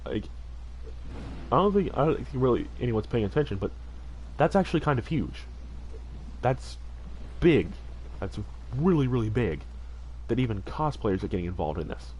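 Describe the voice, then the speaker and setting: A man's voice: medium pitch, very animated, normal speed, pauses often, a little mellow, a little hiss or hum, low-quality recording. A man streaming a game and chatting casually, earnest and heartfelt, rambling with lots of fillers and restarts. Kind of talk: casual livestream chat while gaming.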